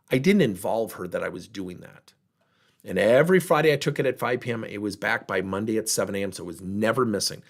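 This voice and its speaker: A man's voice: on the low side, gravelly, breathy edge. A man giving a motivational workshop talk, telling stories and acting out the people in them. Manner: animated storyteller, voicing others in dialogue. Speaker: workplace trainer and speaker.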